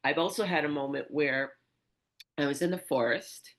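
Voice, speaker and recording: Podcast host, chatty animated storyteller, middle pitch. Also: normal speed. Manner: animated storyteller, many restarts and asides. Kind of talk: storytelling in casual conversation.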